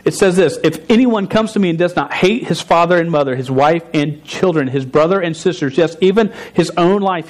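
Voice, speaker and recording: Animated, fairly high-voiced male preacher. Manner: animated, emphatic preaching with frequent restarts. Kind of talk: sermon. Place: church service.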